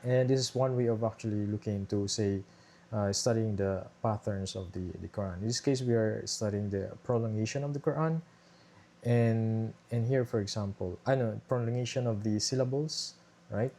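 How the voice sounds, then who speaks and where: Young male presenter, low and warm, casual explanatory walkthrough with fillers; faint background hum. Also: normal speed. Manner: explanatory, many fillers and restarts, tag questions. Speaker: presenter explaining his thesis research. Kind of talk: casual screen-share walkthrough. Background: airplane noise from a nearby airport.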